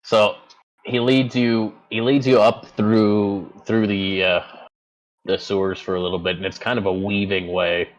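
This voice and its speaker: A man's voice: lowish voice, flat delivery, unhurried, highs cut off. A man narrating as game master in a tabletop game, rambling and searching for words as he describes the scene.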